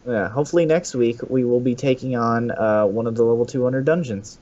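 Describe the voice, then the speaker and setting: A man co-hosting a casual gaming podcast, playful and quick to laugh. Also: dark tone. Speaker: podcast co-host. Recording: muffled low-fi audio.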